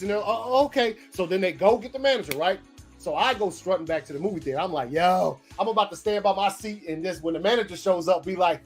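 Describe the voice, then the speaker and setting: A man telling a story casually, animated and profane, acting out what people said. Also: high-pitched, a little fast, faint music behind. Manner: animated, profane, acts out quotes. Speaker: podcast host.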